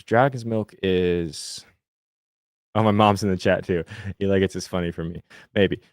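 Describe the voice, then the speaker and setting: Podcast co-host, young man from Indiana, low pitch, dry close sound, loose chatty delivery full of fillers and restarts. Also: fairly even intonation, normal speed, no room sound. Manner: rambling, many fillers and restarts. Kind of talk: casual sports chat with live chat.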